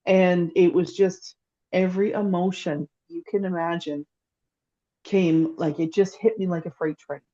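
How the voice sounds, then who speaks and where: A woman with a somewhat low, mellow voice tells a long personal story in casual chat. She rambles and restarts, her feeling building as she goes. Her remote call mic sounds a little dull. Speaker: psychic, podcast co-host. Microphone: remote call microphone.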